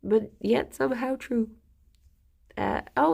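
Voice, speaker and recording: A woman chatting casually on a live stream. She rambles with plenty of fillers and coos at her pets in a higher voice. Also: slow, creaky, a little mellow.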